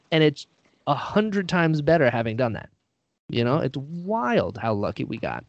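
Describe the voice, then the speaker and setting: A man's voice: medium pitch, very animated, moderate pace, dry recording, dull audio. A man, an actor and writer being interviewed, talking casually and rambling with lots of fillers, a little self-deprecating.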